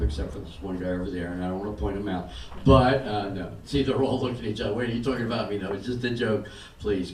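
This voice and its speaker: An older man performing a stand-up set, telling stories in a deadpan way and acting out the other people in them. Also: fairly low pitch. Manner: deadpan storytelling with acted-out quotes. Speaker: stand-up comedian. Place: comedy club stage. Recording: roomy club sound from a distance. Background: audience laughter and room noise.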